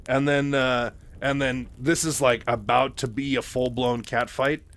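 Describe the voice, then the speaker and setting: A man's voice: mid-range voice, level tone, unhurried, a bit bright. Man casually retelling a story. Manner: loose, filler-heavy, lots of "like". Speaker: book retelling host.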